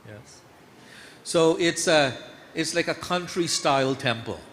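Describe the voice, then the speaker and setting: A man giving a storytelling sermon at a temple, lively as he acts out the scenes. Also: on the high side, measured pace. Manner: lively storyteller, voice climbs when acting out scenes. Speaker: temple speaker telling devotional stories. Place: temple hall. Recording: echoey hall with faint background noise.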